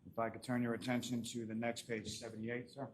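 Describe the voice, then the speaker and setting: A man with a Boston accent questions a witness in court in a formal, polite tone. He pauses often on "uh". His voice is middle-pitched, and a faint hiss runs under the courtroom audio. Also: little pitch movement. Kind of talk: courtroom examination.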